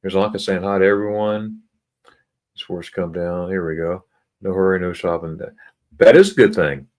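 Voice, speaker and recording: A middle-aged man hosting a casual livestream, reading chat comments aloud in a halting way, often repeating words and chuckling. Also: low voice, a little mellow. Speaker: livestream host.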